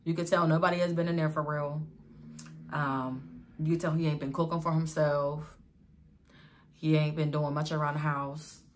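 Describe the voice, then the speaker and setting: A young woman with a slightly low voice tells a personal story to her viewers in a vlog. She sounds exasperated and wounded, often turning to the audience with "y'all". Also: flat delivery, normal speed, long pauses, slight background noise. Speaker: vlogger telling a personal story.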